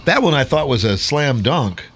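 A man's voice: medium pitch, expressive, normal speed, a bit bright, slight background noise. A man answering Christmas trivia in a playful, boastful way. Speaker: quiz contestant. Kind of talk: casual chat.

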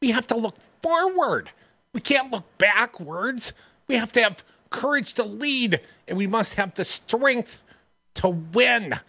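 Whiny high politician guy giving a stump speech, a radio host putting it on, voice swoops a lot. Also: expressive, takes it slowly, creaky, bright, forceful tone, full character voice. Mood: mocking. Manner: whiny, mocking.

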